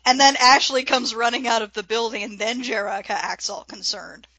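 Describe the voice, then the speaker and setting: A woman's voice: a little high, steady tone, normal speed, bright, forceful tone, low-quality recording. A woman co-hosting a podcast, making wry, sarcastic remarks in casual chat. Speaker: podcast co-host.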